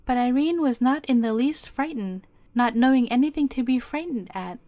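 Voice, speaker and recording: A woman with a high voice reads a fairy tale aloud at bedtime, gentle and steady. The sound is dry and close, with no room around it. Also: normal speed, no room sound. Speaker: storyteller. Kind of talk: bedtime story narration.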